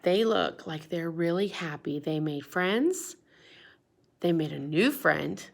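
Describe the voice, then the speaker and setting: A woman's voice: fairly low pitch, slow, vocal fry. A woman teacher reading a picture book aloud to young children, asking them questions as she goes. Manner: animated, questioning, kid-directed. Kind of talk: read-aloud storytime lesson.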